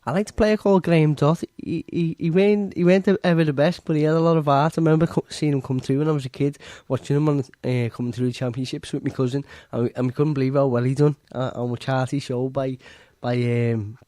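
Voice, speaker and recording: Man, dark dry voice. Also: medium pitch, fairly even intonation, fast, hardly any pauses, no room sound. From Merseyside, England. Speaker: guest, boxer. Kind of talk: casual interview answers.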